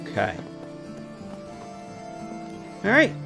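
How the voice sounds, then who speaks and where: A man's voice: fast talker, sharp tone, faint music behind. A man giving casual, joking commentary while streaming a game, often stumbling over his words.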